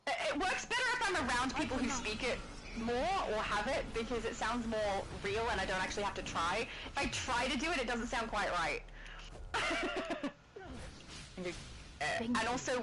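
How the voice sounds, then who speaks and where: A woman's voice: fairly high pitch, low-quality recording. An Australian woman rambling and laughing as she chats with viewers while streaming a game. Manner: rambling, chatty, laughs often. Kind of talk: casual live-stream chat while gaming. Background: game music.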